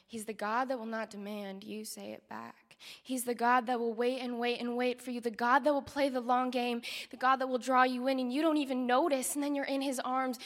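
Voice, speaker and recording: Woman performing spoken word in a hall. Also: on the high side. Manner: dramatic, swinging from loud declarations to hushed whispers. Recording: echoey hall.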